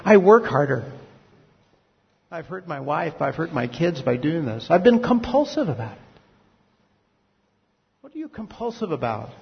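A man's voice: fairly high pitch, sing-song, moderate pace, vocal fry, long pauses. A middle-aged male pastor preaching a sermon, reflective and confessional, asking the listeners questions. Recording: dull lo-fi sound with long hall reverb.

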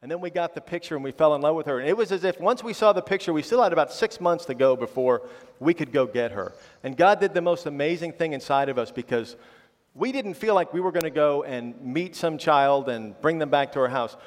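A man's voice: on the high side, animated, fairly quick. A middle-aged man preaching a conversational sermon, often tagging a questioning "right?" onto his sentences with self-deprecating humor. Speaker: pastor. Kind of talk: conversational sermon with personal stories. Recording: long reverb of a large hall.

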